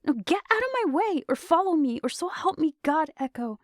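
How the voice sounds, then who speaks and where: A woman voicing a fierce young female soldier leader who shouts in frantic urgency in a storybook reading. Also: medium pitch, very animated, unhurried, gravelly, dry recording, clean studio sound.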